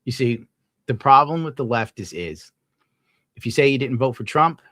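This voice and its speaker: A man's voice: mid-range voice, lively intonation, moderate pace, fairly bright tone, no room sound, clean studio sound. A young man streaming live, reading out viewer tips and ranting casually with lots of swearing. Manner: profane, ranting, gets worked up. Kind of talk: casual livestream chat.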